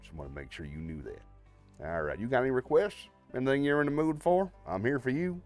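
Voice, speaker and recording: A man's voice: medium pitch, lively intonation, a little fast, a little mellow, faint music behind. A man hosting a livestream, chatting to viewers in a friendly, rambling way with many fillers. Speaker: livestream host. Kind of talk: casual chat to viewers.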